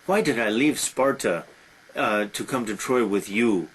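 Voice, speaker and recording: A man's voice: lowish voice, expressive, unhurried, a bit bright, husky, heavily acted, low-quality recording. A man voicing an angry, reproachful woman, Helen of Troy, in a storytelling retelling. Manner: bitter, reproachful.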